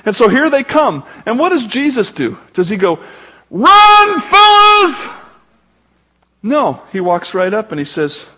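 Pastor, male, high and husky; conversational sermon delivery with joking asides. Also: animated, moderate pace, hardly any pauses.

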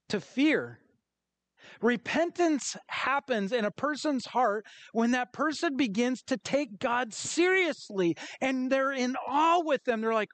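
A middle-aged pastor with a notably high voice preaches with energy, slipping into little acted-out quotes. The sound is dry and close, with almost no room around him. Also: male voice, dry recording. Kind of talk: sermon.

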